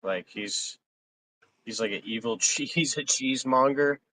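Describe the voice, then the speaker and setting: A man's voice: mid-range voice, unhurried, bright, forceful tone, slight background noise, low-quality recording. A man joking around and rambling in casual live stream banter, laughing often.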